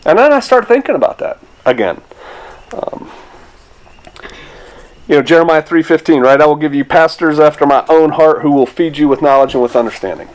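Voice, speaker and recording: A man's voice: on the high side, expressive, a little fast, pauses often, rough recording. A middle-aged man, a pastor, preaching a sermon in a conversational, rambling way with rhetorical asides.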